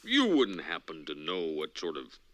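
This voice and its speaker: An actor playing a stiff, fussy middle-aged school principal in a cartoon, prim and formal. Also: male voice, rumbling low, wildly swooping pitch, moderate pace, a bit bright, no echo, full character voice.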